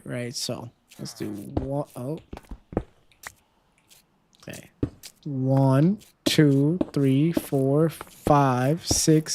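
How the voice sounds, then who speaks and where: In a medium-pitched voice, a live streamer keeps up casual chatter with viewers during play, counting steps out loud. When things go wrong, loud, dismayed outbursts follow, and background noise is present.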